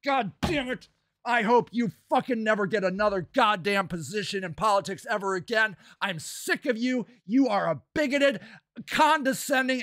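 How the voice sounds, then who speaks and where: A man hosting a podcast, delivering an impassioned, profane political rant that swings between shouting and low muttering. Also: no echo, clean studio sound. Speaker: podcast host.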